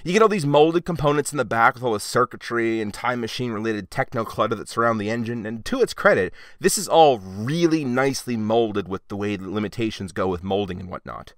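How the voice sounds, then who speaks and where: A man's voice: mid-range voice, lively intonation, brisk, few pauses, dry recording, clean studio sound. Chatty man reviewing toys. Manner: chatty, wry, sarcastic asides. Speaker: toy reviewer. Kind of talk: casual video review.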